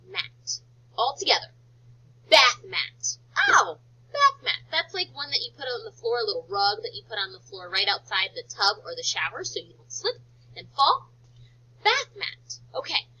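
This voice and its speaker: Woman teacher, phonics lesson for little kids; lively, sing-song delivery, high pitch. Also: husky. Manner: slow, sing-song, exaggerated teacher talk. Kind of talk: phonics lesson for young children. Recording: dull lo-fi recording.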